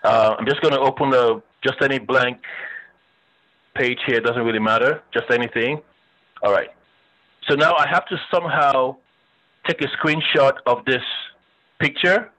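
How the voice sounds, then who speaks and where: A man's voice: mid-range voice, moderate pace, pauses often, sharp tone, poor audio. A man teaching a web design class, chatting and thinking aloud as he demonstrates on screen, with the odd joke for his students. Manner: joking with students. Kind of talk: casual screen-share lecture.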